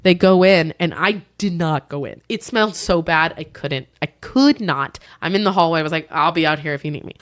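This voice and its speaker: A woman's voice: sits low, fairly quick, few pauses, dry recording, clean studio sound. A woman podcast host telling a work story in casual chat, acting out the people she quotes. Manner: animated, acts out quoted voices.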